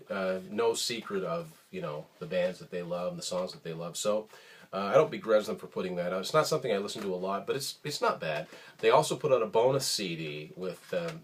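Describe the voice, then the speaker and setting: A man hosting a casual show about his music collection, talking in a relaxed, rambling way with many ums and uhs. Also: on the low side, a little hiss or hum. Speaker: host of a record collection show. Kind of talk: casual show-and-tell talk.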